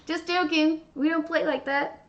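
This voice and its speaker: A woman hosting a baking livestream, chatting casually and gushing with excitement. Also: high voice, moderate pace, slight background noise. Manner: bubbly, gushing, squealing with excitement. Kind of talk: casual live-stream chat while baking. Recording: dull lo-fi stream audio.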